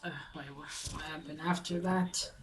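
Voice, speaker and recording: A woman casually recapping a story aloud, halting with many fillers and restarts. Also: sits low, steady tone, a crowd in the background, low-quality recording.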